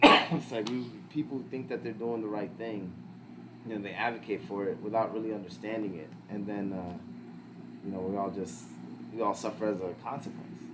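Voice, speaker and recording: A man's voice: lowish voice, fairly even intonation, moderate pace, heavy background noise. Rambling young man, casual swearing. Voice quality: rambling, full of fillers and swearing. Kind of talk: casual chat.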